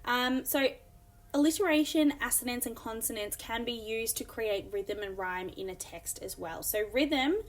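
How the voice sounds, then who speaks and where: A woman's voice: fairly high pitch, moderate pace. A woman teacher explaining a lesson and reading examples aloud, with frequent ums. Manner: explanatory, many fillers, reads examples aloud. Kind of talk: recorded classroom lesson.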